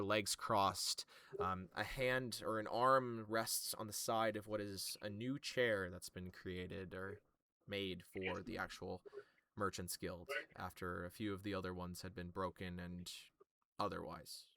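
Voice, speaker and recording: A man's voice: deep voice, sharp tone, no echo. A man narrating as game master in a tabletop game, describing scenes with many fillers.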